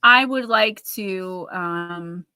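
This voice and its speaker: Bright-voiced woman telling a spooky story. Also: on the low side, drawn-out words, clear, resonant tone, no echo, clean studio sound. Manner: animated, acts out quoted voices while retelling a story. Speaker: host. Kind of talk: casual storytelling on a live show.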